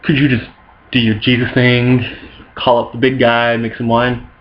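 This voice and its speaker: A man's voice: medium pitch, little pitch movement, normal speed, dull audio, slight background noise, close to an everyday voice. A man voicing Mary as a pushy, nagging mother in a comic retelling. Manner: pleading then bossy.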